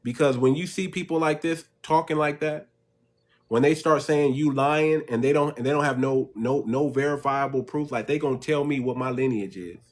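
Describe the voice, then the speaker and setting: A man's voice: mid-range voice, normal speed. A man hosting a livestream and talking straight to his viewers, calling them family. He is emphatic and preachy, and he hammers his points home by repeating them. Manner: emphatic and repetitive, preaching to the audience; addresses listeners as family. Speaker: channel host. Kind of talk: livestream commentary.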